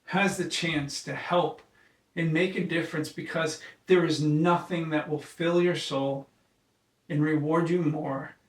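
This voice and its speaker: Picked up by a distant microphone in an echoey room, a man talks casually about his work as an occupational therapist and founder. His voice is a little high with fairly even intonation, and he tells earnest, emotional stories while often stopping to restart his sentences.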